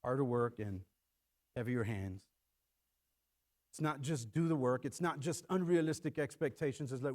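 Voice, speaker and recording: A middle-aged man preaching a sermon in church, animated and acting out quoted lines in shifting voices. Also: mid-range voice, moderate pace, pauses often. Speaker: pastor.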